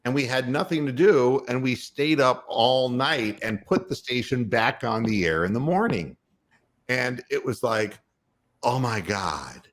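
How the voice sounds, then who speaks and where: An older man hosting a talk show, telling a story with animated swings in pitch and frequent laughter. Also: measured pace. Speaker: radio host.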